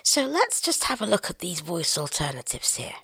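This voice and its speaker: Woman host, friendly explainer, low gravelly tone, dry close sound. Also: wildly swooping pitch, moderate pace, a bit bright, no room sound. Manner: chatty, explanatory, amused. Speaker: app demo presenter. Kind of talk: chatty screen-reader tutorial.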